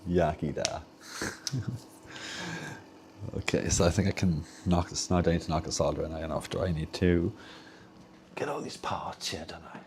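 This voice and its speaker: Low-pitched and at a normal speed, this young Welsh man leaves long pauses as he talks with a Welsh accent over background noise. Streaming from a home workshop with a soldering bench, he chats and rambles casually while mending game controllers.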